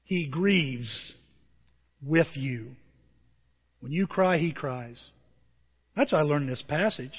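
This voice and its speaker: A man pastor preaching a sermon with emotion, his voice moving from quiet and tender to loud and emphatic. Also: on the high side, animated, slow, long pauses, breathy edge, big-room sound, dull audio. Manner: emotional, swings from soft to emphatic.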